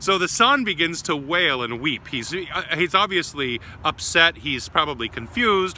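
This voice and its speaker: A priest tells a saint's story in a short homily, gentle and affectionate in manner. His voice is very bright and sharp, pitched a little above most men's. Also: big pitch swings, unhurried, hardly any pauses, a little hiss or hum. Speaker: Orthodox priest. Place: church grounds.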